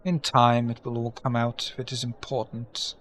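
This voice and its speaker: A man's voice: mid-range voice, little pitch movement, moderate pace, a bit bright, pitched above the performer's own voice, close to an everyday voice. A man doing a suave old vampire necromancer. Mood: smooth.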